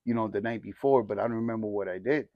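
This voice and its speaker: A man's voice: lowish voice, fast talker, no room sound, highs cut off. Slangy man telling his story, dry sound. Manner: informal, slangy, rambling with restarts. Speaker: church group member sharing testimony. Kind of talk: casual storytelling testimony.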